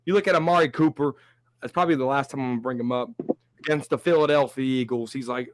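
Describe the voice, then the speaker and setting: A man hosting a live-stream sports talk show, talking with animated energy and reading viewer comments aloud. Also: mid-range voice, quick pace.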